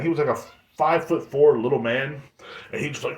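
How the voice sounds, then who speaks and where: A man's voice: mid-range voice, fast. Profane, rambling man in an echoey room. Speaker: podcast host. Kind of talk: casual monologue.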